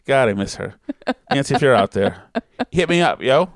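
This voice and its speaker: A man's voice: mid-range voice, lively intonation, moderate pace, no room sound, clean studio sound. A man hosting a podcast, chatting casually and rambling through stories with many restarts. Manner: rambling, self-interrupting storyteller. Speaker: podcast host. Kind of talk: casual chat reading listener messages.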